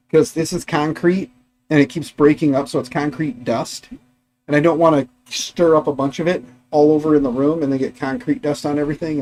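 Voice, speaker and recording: A man's voice: a little high, a little mellow. Middle-aged man, livestream host, rambling casual chat, garage workshop. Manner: rambling, chatty, talks to his dogs and chat.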